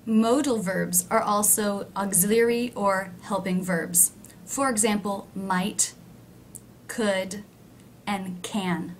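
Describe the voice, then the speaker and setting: A woman teaching pronunciation in a scripted lesson, speaking clearly and slowing down to model example sentences. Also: medium pitch, fairly even intonation, a little hiss or hum.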